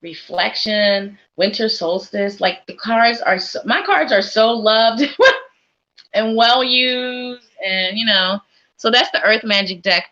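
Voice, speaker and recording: A woman's voice: a little high, takes it slowly, bright, forceful tone, dull audio. A woman hosting a live psychic reading stream, talking in an upbeat, encouraging, chatty way. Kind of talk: casual live-stream chat.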